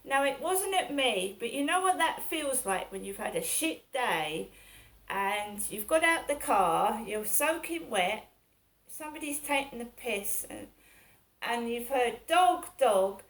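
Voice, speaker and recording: Slow, rambling middle-aged woman. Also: a little high, lively intonation, a bit bright. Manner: rambling and aggrieved, repeating herself. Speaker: vlogger. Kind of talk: casual personal monologue.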